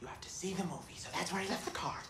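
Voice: medium pitch, rapid-fire, a bit bright, breathy edge. A whispering asylum inmate. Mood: secretive. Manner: whispering urgently.

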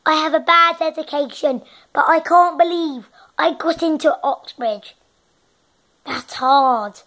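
A man's voice: very high voice, steady tone, drawn-out words, exaggerated voice. A young man putting on a boastful posh English gent. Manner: puts on a posh accent, brags loudly.

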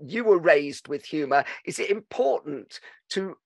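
A man's voice: on the high side, expressive, measured pace, gravelly, no room sound. Guy hosting a podcast, dry close sound, chatty, keeps restarting. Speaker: podcast host. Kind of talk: casual interview chat.

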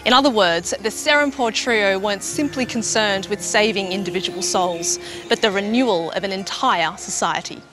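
A woman's voice: mid-range voice, moderate pace, hardly any pauses. Woman narrating a documentary over music. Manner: clear, explanatory storytelling.

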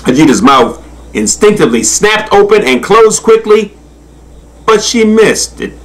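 A man reads animal stories for children with an unhurried, deliberate pace. His voice is lively, rising and falling expressively through each sentence. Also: sits high. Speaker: storyteller.

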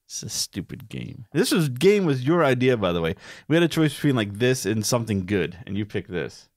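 A man bantering over a board game, complaining with sarcastic jabs. His voice leaps around in pitch as he talks. The sound is close and dry, with no room echo. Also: very animated, fairly quick. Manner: sarcastic, grumbling commentary. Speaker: board game show co-host. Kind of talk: casual play-through banter.

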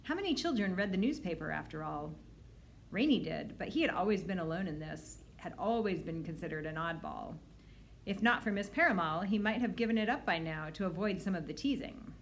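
A woman librarian reading a children's novel aloud, expressive and lively, with voices for the characters. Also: lowish voice, brisk, slight background noise.

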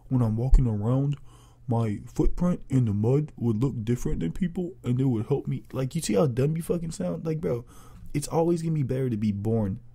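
A young man in a crude, rambling comedic rant, loud and profane as a vlogger. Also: mid-range voice, slightly rough.

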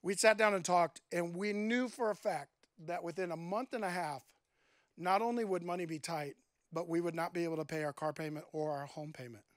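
Guy with a high voice preaching, chatty storytelling, acts out what he was thinking. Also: brisk, dry recording, clean studio sound. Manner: conversational, acts out his own quoted thoughts. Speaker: guest preacher. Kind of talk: sermon with personal storytelling.

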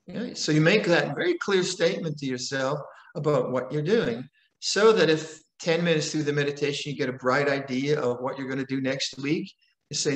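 An older man, a meditation teacher, gives a calm, conversational dharma talk with frequent repetitions and rhetorical questions. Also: on the high side, normal speed. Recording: roomy echo.

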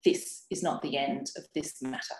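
A woman's voice: medium pitch, expressive, normal speed, close to an everyday voice. A woman reading aloud from her own novel and voicing a hostile elderly village woman who snaps and hisses her accusations. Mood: scornful. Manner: sharp, hissing, snapping accusations. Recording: roomy webinar audio.

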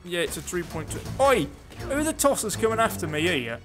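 A man's voice: high-pitched, sing-song, fairly quick, a bit bright, faint music behind. A man giving sarcastic, chatty let's play commentary, talking back to the characters on screen. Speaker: gaming video host.

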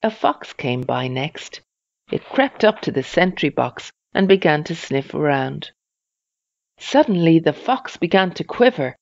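A reader telling a children's storybook in a slow, even storytelling manner. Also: medium pitch, creaky, dry recording, highs cut off.

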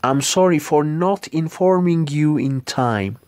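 Man, Ethiopian accent, native Amharic speaker, English lesson, slow careful repetition, dry close sound. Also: fairly high pitch, darkish tone, no room sound. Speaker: English teacher. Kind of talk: language lesson.

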